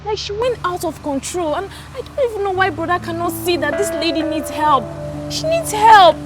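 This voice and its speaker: An earnest young student sister. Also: female voice, very high-pitched, expressive, normal speed, loud music behind the voice, poor audio. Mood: pleading. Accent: Nigerian. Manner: pleading, earnest. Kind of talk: film drama acting.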